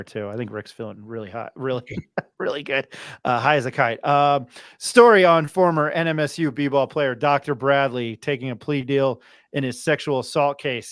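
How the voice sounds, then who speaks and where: A man's voice: mid-range voice, clean tone, dry recording, studio quality. A man hosting a sports talk show in a casual, joking, self-deprecating way. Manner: joking, self-deprecating, laughs between lines. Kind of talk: casual chat.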